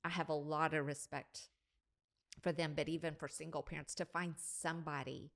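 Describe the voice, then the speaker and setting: An older woman hosting a parenting podcast, giving measured, thoughtful advice in a casual discussion. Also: sits low, flat delivery, vocal fry. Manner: measured, thoughtful, drops softer when quoting parent-child talk.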